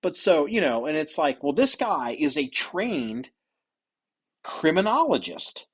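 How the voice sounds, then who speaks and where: Brief: male podcast host, slightly high voice, rambling and profane, casual chat. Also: sing-song, unhurried, breathy edge.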